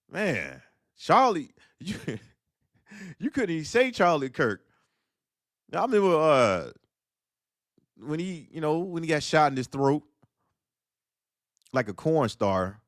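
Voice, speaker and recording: A man riffing on a livestream with a lively voice that swings widely up and down. He talks in loose slang and laughs often between points. The sound is dry and close to the mic. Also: on the high side, no room sound. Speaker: livestream host. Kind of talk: casual livestream commentary.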